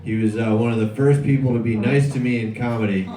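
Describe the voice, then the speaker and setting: A man's voice: mid-range voice, fairly even intonation, fast. A man hosting a comedy showcase, introducing the next act with hyped, loose banter. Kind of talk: emceeing a comedy show. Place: comedy club stage. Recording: echoey club, far from the mic, loud crowd and noise. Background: audience cheering.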